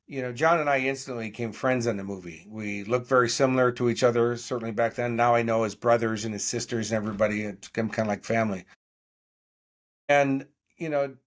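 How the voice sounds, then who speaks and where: A man in his sixties, a podcast guest, telling stories in an interview and acting out the dialogue of the people in them. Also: mid-range voice. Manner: animated storyteller acting out quoted dialogue. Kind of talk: storytelling interview.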